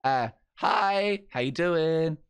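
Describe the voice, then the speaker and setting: A man with a hoarse, worn-out voice hosts a live stream. He calls the action loudly and excitably. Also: fairly high pitch, very slow. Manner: excitable, shouts play-by-play. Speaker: streamer and event host.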